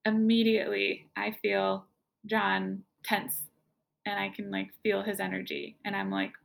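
A woman's voice: medium pitch, measured pace, creaky. A woman telling her personal story as an interview guest, in a casual, conversational way, often saying "like". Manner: casual, conversational, fills speech with "like".

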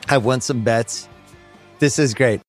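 A man heard in a played-back podcast clip, talking in an animated, exclaiming way. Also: mid-range voice, unhurried, faint music behind.

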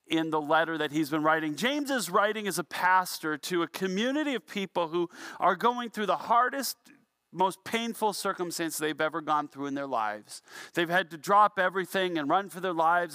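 High, bright-voiced middle-aged male pastor. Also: dry recording, studio quality. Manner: relaxed storytelling with self-deprecating humor. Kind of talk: conversational sermon.

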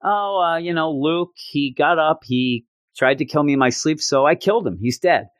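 Petulant boastful young dark Jedi, male, sneering and whiny, put on by a man; high and tight, dry mic. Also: moderate pace, dry recording, lightly acted. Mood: smug.

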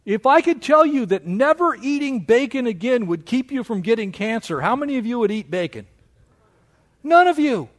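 A man preaching a sermon as pastor of his church, with animated delivery that mocks objections in a raised voice. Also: moderate pace. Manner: animated preaching, mocking quoted objections in a higher voice.

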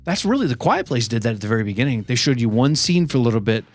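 A man's voice: medium pitch, very animated, racing, dry recording. A man co-hosting a podcast in casual chat, rambling and correcting himself as he talks. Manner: rambling, self-correcting, chatty. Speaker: podcast co-host.

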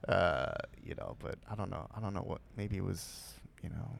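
A man with a low, gravelly voice talks as a podcast guest. He rambles and hesitates, stacking fillers and trailing off between thoughts. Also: moderate pace. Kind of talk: casual podcast chat.

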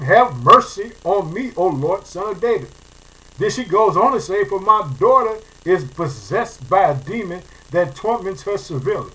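Fervent high-voiced bright male preacher. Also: poor audio. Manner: fervent, repeats phrases, calls listeners family. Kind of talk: sermon reading and preaching.

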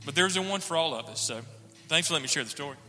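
A man's voice: on the high side, expressive, very fast, sharp tone, big-room sound, faint music behind. A man sharing an earnest personal testimony in church, acting out the dialogue as he tells it. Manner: earnest storytelling, acts out dialogue.

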